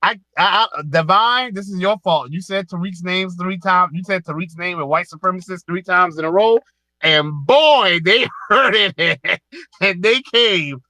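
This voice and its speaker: A man's voice: sits high, measured pace, pushed and bright, dry recording. A man with a Southern US accent hosting a live online audio space, lecturing a caller in a heated, emphatic way and repeating himself.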